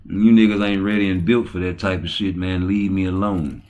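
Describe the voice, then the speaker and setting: A man hosting his own channel, talking in a profane, boisterous, rambling way that swings between low mutters and loud excited bursts. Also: moderate pace. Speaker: channel host. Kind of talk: rambling livestream talk.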